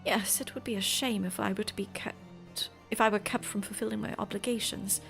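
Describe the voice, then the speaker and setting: A sly male schemer murmurs in a breathy whispered role-play, as a woman puts him on. His slow, silky words carry a gravelly rasp and a quiet villainous undertone. Faint music drifts behind him. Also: mid-range voice, steady tone. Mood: scheming. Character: sly scheming male character, soft-spoken.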